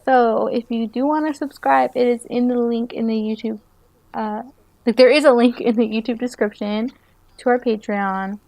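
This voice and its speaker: A woman co-hosts a relaxed podcast in a fairly high voice. She jokes and giggles a lot, tossing in slangy asides as she talks. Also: moderate pace, vocal fry, no room sound. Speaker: podcast co-host. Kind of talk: casual podcast chat.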